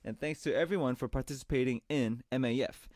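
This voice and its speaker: A man hosting a radio show, chatting warmly and reading listener messages on air. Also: mid-range voice, fairly quick, dry recording. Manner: upbeat and chatty, reads messages in a brighter voice. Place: radio studio.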